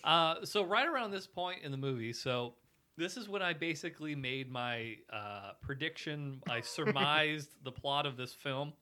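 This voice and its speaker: Man, very bright tone, slightly high, casual movie commentary, wry and deadpan. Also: normal speed. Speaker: podcast co-host.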